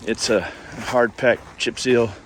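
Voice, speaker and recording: A man's voice: medium pitch, steady tone, slow pace, a little hiss or hum. Chatty, rambling man hiking outdoors. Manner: rambling, chatty, talking to the camera. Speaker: hiking vlogger. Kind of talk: casual chat while hiking. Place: outdoors on a coastal trail.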